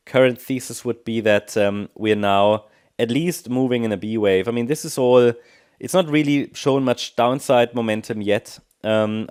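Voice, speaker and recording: A man walks through a market chart in a relaxed, unscripted way. He talks at a medium pitch, hesitating with ums and correcting himself as he works through his points. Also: smooth. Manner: thinking aloud with many ums and restarts. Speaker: market analyst. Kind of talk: technical analysis commentary.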